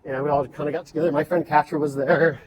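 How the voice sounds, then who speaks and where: A man's voice: on the high side, steady tone, quick pace, a crowd in the background, rough recording. A man chatting casually on a podcast, telling long running stories with many fillers and restarts. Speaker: podcast guest, ultrarunner.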